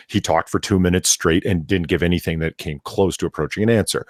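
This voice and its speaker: A man with a very deep voice speaks on a casual talk show. The sound is dry and close, and he explains his point earnestly and step by step. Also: steady tone, fast talker, few pauses, no room sound. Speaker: podcast co-host. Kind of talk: casual opinion chat.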